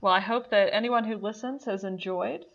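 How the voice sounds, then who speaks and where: A woman's voice: mid-range voice, fairly even intonation, normal speed, highs cut off. A woman hosting a podcast in casual chat, easygoing and playful. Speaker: podcast host.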